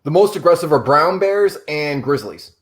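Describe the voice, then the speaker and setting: Profane storytelling host, fairly high-voiced man. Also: expressive, moderate pace. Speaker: show host. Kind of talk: casual storytelling chat.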